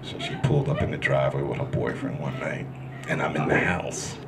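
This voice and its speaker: A man doing a stand-up comedy set in a club, loud and crude, working the crowd as he tells stories. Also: very deep voice, fairly quick, gravelly. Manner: loud, crude, animated storytelling with crowd work. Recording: live club recording with room noise.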